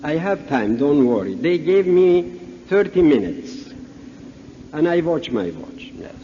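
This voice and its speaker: A man's voice: fairly high pitch, sing-song, unhurried, warm tone. A man from Iran with a Persian accent, a native Persian speaker, giving a humorous talk at a conference and acting out the dialogue in his stories. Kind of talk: anecdotal religious talk. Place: large conference hall. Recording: dull echoey hall recording, faint hiss.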